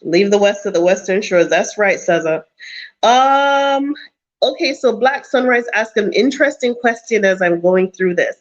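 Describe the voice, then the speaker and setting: A woman's voice: medium pitch, expressive, a little slow, dull audio. A woman vlogger giving blunt advice to her viewers on a live chat stream. She talks in an emphatic, preachy way and repeats lines for stress. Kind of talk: casual livestream advice talk.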